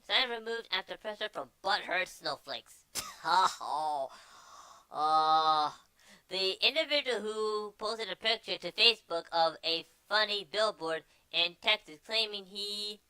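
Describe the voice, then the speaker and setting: A woman's voice: mid-range voice, expressive, a little slow, sharp tone, clear, resonant tone, no room sound, poor audio. A woman hosting a news show, reading articles aloud with sarcastic asides and frequent stumbles and repeated words.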